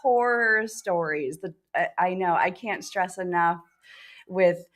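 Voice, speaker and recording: A woman guest who owns a pet spa, chatting casually with quick laughs and earnest advice. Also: fairly low pitch, fairly bright tone. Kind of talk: casual interview chat.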